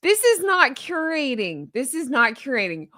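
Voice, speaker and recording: Woman host, sarcastic and exasperated commentary, a bit high-pitched, close and dry. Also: big pitch swings, normal speed, pushed and bright, no echo.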